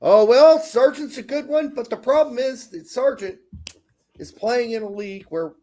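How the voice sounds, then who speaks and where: A man's voice: very high-pitched, normal speed, dark tone. A man co-hosting a casual soccer podcast, talking in a profane, emphatic way. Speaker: podcast co-host.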